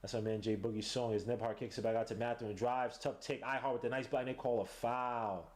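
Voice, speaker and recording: Excitable man calling a game live. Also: mid-range voice, quick pace. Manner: excitable, slangy, bursts into shouts at big plays. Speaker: podcast host. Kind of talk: live play-by-play watch-along commentary.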